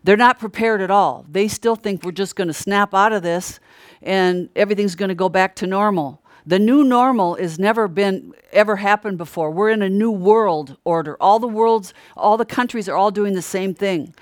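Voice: mid-range voice, normal speed, no room sound, clean studio sound. A preacher giving an earnest, emphatic Bible teaching, repeating key phrases and often restarting mid-sentence. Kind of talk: sermon-style Bible teaching.

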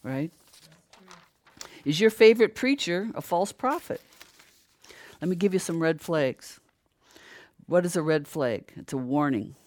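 An older preacher giving a sermon, asking rhetorical questions, answering them, and growing louder and higher when stirred. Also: animated, unhurried, long pauses, dry recording.

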